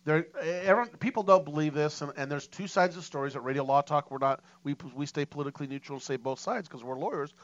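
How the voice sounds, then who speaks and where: A man hosting a talk radio show, rambling and excitable with many fillers. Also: a little high, fast talker, few pauses, highs cut off.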